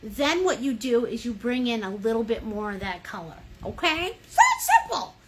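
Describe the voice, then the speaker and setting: A woman from the United States, her voice a little high and animated, leads a livestream painting class at a moderate pace. She keeps things chatty and playful, rooting for viewers and humming sound effects as she goes, over the slight noise of a running fan.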